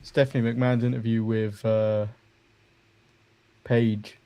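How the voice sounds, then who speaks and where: Relaxed English man telling a story. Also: on the low side, slow pace, clear, resonant tone. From England. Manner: relaxed storyteller, retells stories with hesitations. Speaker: podcast co-host. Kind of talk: casual wrestling chat.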